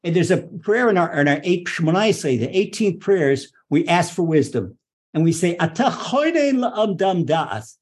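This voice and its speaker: A man with a somewhat high, husky voice teaches a religious lesson. He speaks with passion and energy, and he often repeats words and starts his sentences over. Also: moderate pace. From Israel. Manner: impassioned, animated, repeats words and restarts. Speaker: rabbi teaching Torah.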